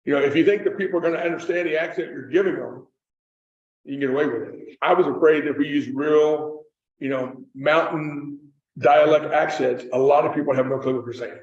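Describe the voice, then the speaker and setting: A man's voice: on the high side, fairly even intonation, a little fast. A middle-aged man from Kentucky with a Kentucky accent, an author telling stories to an audience in a casual, rambling way and often restarting his sentences. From Kentucky, USA. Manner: chatty storyteller with frequent restarts and self-corrections. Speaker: author and screenwriter giving a talk. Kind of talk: casual anecdotal talk to an audience. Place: room with a live audience. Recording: echoey, distant, dull room recording.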